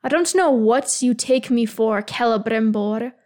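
A woman's voice: on the high side, unhurried, darkish tone, lightly acted. A woman voicing a proud, stubborn male elf king who speaks insistently and defensively. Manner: insistent, bristling.

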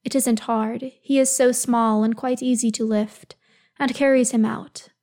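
A woman calmly reading fan fiction aloud, telling the story in an even voice. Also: on the high side, measured pace. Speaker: reader.

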